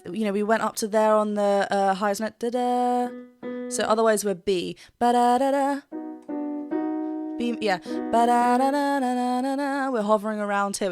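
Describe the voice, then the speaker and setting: A woman's voice: mid-range voice, flat delivery, normal speed, music in the background. A woman vocal coach giving a reaction and analysis commentary, explaining technique and breaking into short sung demonstrations.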